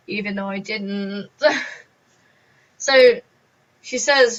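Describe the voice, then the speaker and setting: A woman's voice: medium pitch, unhurried, pauses often, fairly bright tone. A teenage girl telling a story in a chatty vlog, acting out the people she quotes. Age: teens. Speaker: vlogger. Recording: dull lo-fi recording.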